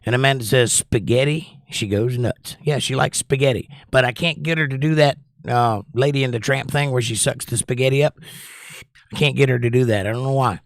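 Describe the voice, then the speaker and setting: Speaking briskly at medium pitch, a livestream host reads viewer comments aloud and rambles chattily between them. The recording is dry and studio quality.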